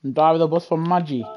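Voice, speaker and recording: A man streaming a racing game, talking casually to his chat, reacting loudly to the race and joking with viewers in slang. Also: a little high, highs cut off. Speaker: live-streaming sim racing gamer. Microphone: gaming headset.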